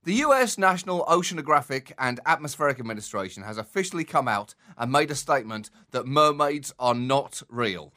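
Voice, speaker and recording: A man co-hosting a satirical comedy chat, animated and laughing as he tells the story. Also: mid-range voice, a little fast, hardly any pauses. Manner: animated, laughs between lines, acts out phone calls. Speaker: comedy podcast co-host.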